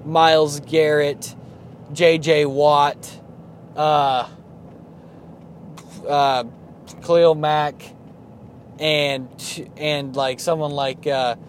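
A man's voice: on the high side, slight background noise. Chatty joking young man hosting sports talk. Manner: joking, chatty, animated rants. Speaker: podcast host. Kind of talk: casual sports chat.

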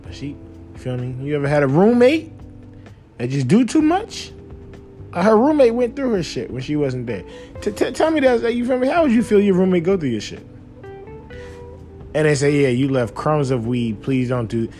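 A young man hosting a casual talk show, telling loose, profane stories in a relaxed way that breaks into loud, animated outbursts. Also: high voice, moderate pace, long pauses, faint music behind. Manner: relaxed, laid-back while smoking. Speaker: podcast host. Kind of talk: casual storytelling monologue.

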